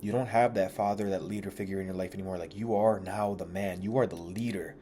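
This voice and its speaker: A man's voice: sits low, steady tone, quick pace, warm tone, slight background noise. A young man talking earnestly and confessionally about his own life, in casual slang with some swearing. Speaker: vlogger. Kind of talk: candid personal reflection.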